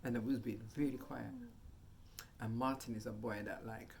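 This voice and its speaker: A man vlogging a casual storytime monologue, animated, getting loud and high at tense moments. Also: normal speed, vocal fry, a little hiss or hum.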